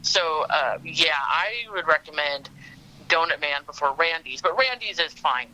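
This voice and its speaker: A woman's voice: sits low, lively intonation, measured pace, bright, forceful tone, poor audio. A middle-aged woman from Southern California, chatting as a podcast guest and rambling with lots of fillers. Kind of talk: casual chat.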